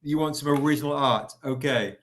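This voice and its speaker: A man's voice: a little high, fairly quick. A man hosting a casual live stream, chatty and upbeat, greeting viewers by name while selling comic editions. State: recovering, tired.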